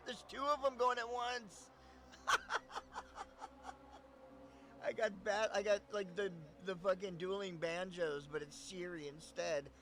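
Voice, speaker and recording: A man's voice: high voice, moderate pace, noisy background. A man chatting casually on a live stream, rambling and swearing often, laughing between thoughts.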